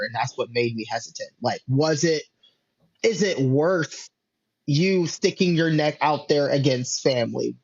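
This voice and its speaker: Animated man chatting on a podcast, dull sound. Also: on the high side, no room sound. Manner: animated, acts out wrestlers' lines in quotes. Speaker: podcast host. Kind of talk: casual podcast chat.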